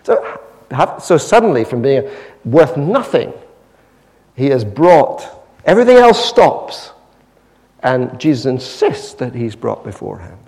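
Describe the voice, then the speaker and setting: A man preaching a sermon, retelling a story with lively, dramatic storytelling. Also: medium pitch, measured pace, gravelly, long pauses, big-room sound. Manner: animated storytelling, acting out the scene.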